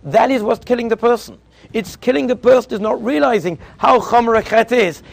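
A man teaches Torah, weaving a parable and sprinkling Hebrew and Yiddish words through his English. His voice sits high and has a gravelly edge. He often sinks to a hushed tone as the story unfolds. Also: fairly quick.

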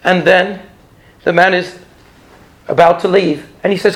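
A man giving an earnest Torah lecture as a rabbi, slowing down to stress key points. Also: high voice, steady tone.

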